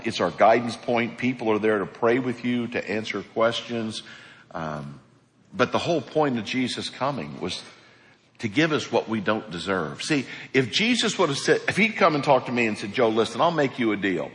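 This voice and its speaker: A man preaching a sermon as pastor, animated, acting out the people in his stories. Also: mid-range voice, big-room sound.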